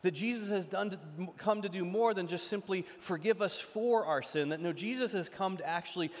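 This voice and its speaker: Dramatic preacher in an echoing hall. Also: male voice, high voice, brisk. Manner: dramatic retelling, shifts from loud to hushed. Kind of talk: sermon storytelling. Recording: long echo from a large hall.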